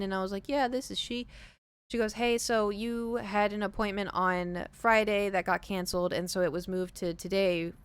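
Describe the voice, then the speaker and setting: A woman streamer chatting casually to her viewers from home, telling a story in an animated way and acting out the quoted lines. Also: mid-range voice, clear, resonant tone, no room sound. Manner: animated, acts out quoted dialogue. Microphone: streaming desk mic.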